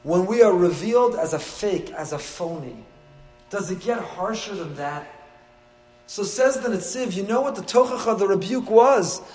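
A man's voice: high voice, lively intonation, normal speed, a little mellow, reverberant, slight background noise, low-quality recording. Man preaching with rhetorical questions. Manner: rhetorical questions, repetition, dramatic swings in volume; storytelling, acts out quoted voices. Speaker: rabbi. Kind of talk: sermon.

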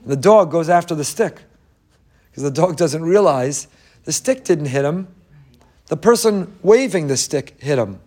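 Lively man teaching a Torah lecture. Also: a little high, unhurried. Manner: animated storyteller, rhetorical questions, mixes in Hebrew quotes. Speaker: rabbi teaching a Torah class.

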